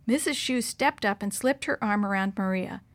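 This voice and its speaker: A woman narrating a children's storybook aloud in an expressive, lively way. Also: mid-range voice, moderate pace, no echo.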